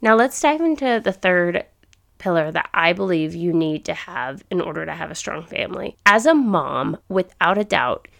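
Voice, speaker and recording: Chatty woman podcast host, gravelly voice. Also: lowish voice, expressive, moderate pace, a bit bright. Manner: chatty and enthusiastic, thinking aloud. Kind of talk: casual faith podcast talk.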